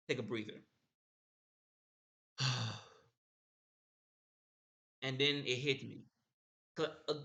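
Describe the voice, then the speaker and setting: Bright-voiced young man rambling. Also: fairly high pitch. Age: young adult. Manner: rambling, repeats himself. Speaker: streamer host. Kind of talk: casual storytelling.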